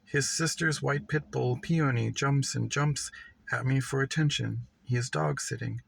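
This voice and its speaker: A man giving a measured, reflective reading of a literary story. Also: mid-range voice, creaky, husky, rough recording. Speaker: reader.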